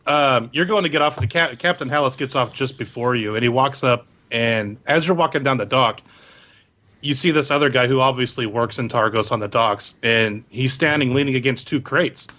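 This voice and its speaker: A man's voice: mid-range voice, normal speed, pushed and bright. Casual man narrating as game master. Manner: casual, loose narration with fillers.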